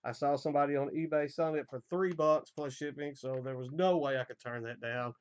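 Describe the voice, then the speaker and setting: Male vlogger, hoarse, easygoing record-collector chatter, muffled low-fi sound. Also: a little fast. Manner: relaxed, rambling, frequent fillers and repeated starts. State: voice going hoarse. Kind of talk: casual album collection update.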